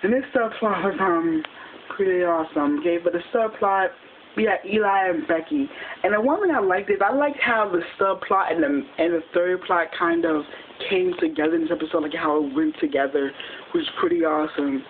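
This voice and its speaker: Rambling fan recapping a TV episode on a tinny line. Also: medium pitch. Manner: rambling, quick retelling with restarts. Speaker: TV episode reviewer. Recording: tinny phone-like audio with faint hiss.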